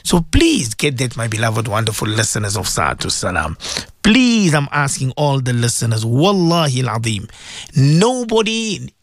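A man's voice: on the high side, dry recording, studio quality. A man presenting on religious radio, preaching and pleading with his listeners, repeating himself as he talks. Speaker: radio presenter and Islamic teacher.

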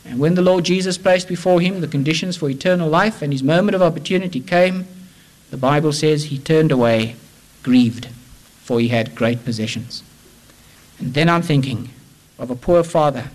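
A man preaching a sermon, impassioned, moving between loud urging and hushed pleading. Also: a little high, low-quality recording.

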